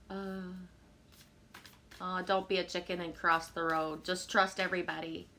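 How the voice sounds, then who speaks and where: A woman on a live stream at home, reading viewer comments aloud and answering them in a relaxed, rambling way with frequent fillers and soft laughs. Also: fairly low pitch, slight background noise. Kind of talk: casual live-stream chat.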